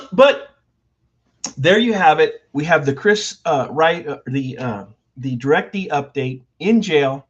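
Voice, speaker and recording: A man's voice: fairly high pitch, expressive, slow, a bit bright, slightly rough. An older man hosting a livestream, ranting heatedly and repeating himself for emphasis. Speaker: livestream host. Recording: dull lo-fi stream audio.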